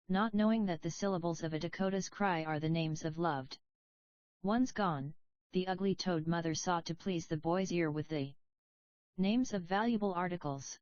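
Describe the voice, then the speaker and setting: A woman narrating a children's legend in a calm, measured storybook reading, recorded with a dull lo-fi sound. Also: fairly low pitch, no room sound. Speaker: audiobook narrator.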